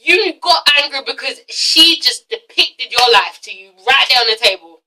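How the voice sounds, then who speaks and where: A woman's voice: high-pitched, animated, moderate pace, sharp tone, recorded from a distance, poor audio. A young woman reviewing a reality TV show in a casual vlog, ranting bluntly and swearing a lot.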